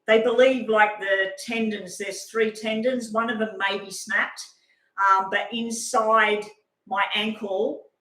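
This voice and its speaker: A woman's voice: mid-range voice, slow. Chatty woman in echoey room. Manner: rambling, animated storytelling with acted-out quotes. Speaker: live-stream tarot reader. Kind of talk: casual live-stream chat.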